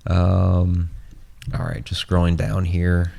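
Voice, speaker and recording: A man's voice: low voice, unhurried, darkish tone. A man hosting a casual podcast chat, rambling with many fillers and restarts as he starts to lose his voice. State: losing his voice. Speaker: host.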